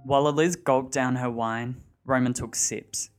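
A man narrating a dark thriller story in a steady storytelling voice. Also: mid-range voice, measured pace, soft background music.

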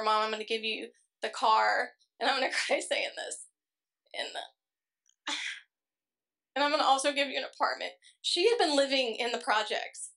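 A woman's voice: on the high side, pushed and bright. A woman giving an earnest, emotional personal testimony at a church service. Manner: earnest, emotional, quick storytelling. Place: church service before a congregation.

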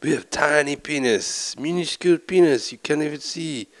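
A man putting on an exaggerated cartoon Japanese man with a mock Japanese accent, slow and sing-song. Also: fairly high pitch, no room sound, voice pushed up, natural voice.

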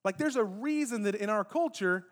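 A pastor with a noticeably high voice for a man preaches in a casual, conversational way. He talks straight to the congregation, slipping in playful jokes between points. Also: moderate pace. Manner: lively, joking asides to the congregation. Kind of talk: conversational sermon. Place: church sanctuary.

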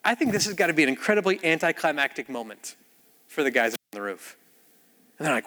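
A man preaching a sermon in a church, telling the story with animated acted-out voices. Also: high voice, fast, long reverb tail. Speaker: pastor.

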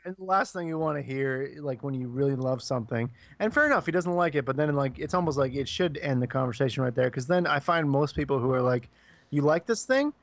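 A man's voice: mid-range voice, fast talker, vocal fry, few pauses. A man co-hosting a podcast in casual chat, enthusiastic, laughing often and quoting films. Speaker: podcast co-host.

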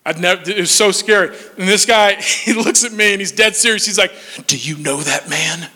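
A man in his forties telling comic stories on stage, animated and laughing through his punchlines. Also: sits high, fairly quick. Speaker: stand-up comedian. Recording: long hall reverb.

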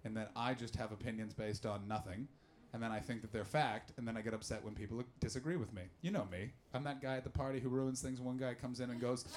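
A man doing stand-up comedy and chatting with the crowd. His delivery is animated and full of swearing, and he swings between shouting and muttering. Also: medium pitch, quick pace. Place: live comedy venue with audience.

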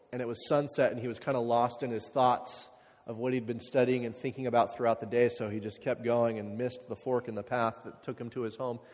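A man preaching in a relaxed, conversational way, full of likes and you-knows, who sometimes sinks into hushed reflection. His voice sits at an ordinary middle pitch for a man. A long reverb trails behind him in a big hall. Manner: conversational, many fillers, drops to quiet reflective passages. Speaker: pastor. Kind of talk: sermon.

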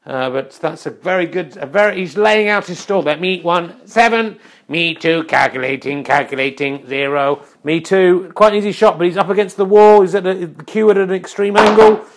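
A man's voice: high-pitched, a little fast, few pauses. A man giving spoof, mock-serious snooker commentary with wry topical asides. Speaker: comic mock sports commentator.

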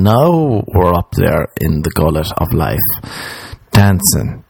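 Young Irish man, solo comedy podcaster, lowish voice, close dry mic, loose rambling delivery. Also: sing-song, takes it slowly, creaky, a little mellow, breathy edge, no echo. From Ireland. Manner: rambling, jokey, jumps into mocking put-on voices. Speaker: podcast host.

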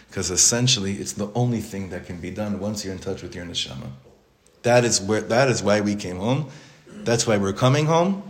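A man giving an informal Torah class to his congregation in a synagogue study hall. He talks conversationally, with restarts, joking asides and many Hebrew and Yiddish terms. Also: on the low side. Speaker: rabbi teaching his congregation. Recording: echoey room.

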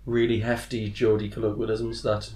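Echoey joke-telling man, mid pitch. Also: moderate pace. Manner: animated joke teller who laughs at his own punchlines. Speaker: podcast co-host. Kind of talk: casual chat, telling jokes.

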